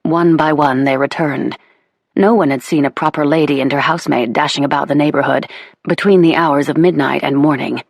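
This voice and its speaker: A woman narrating a historical romance audiobook with measured, even storytelling into a close studio mic. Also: sits low, vocal fry, dry recording. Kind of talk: scripted narration of a romance novel.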